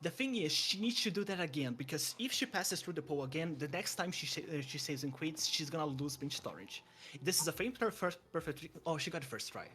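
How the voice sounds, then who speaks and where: Young male speedrun commentator, higher pitch, excitable, frequent restarts, light background hiss. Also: a little fast. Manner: eager, stumbling restarts, chuckles. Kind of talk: live game commentary.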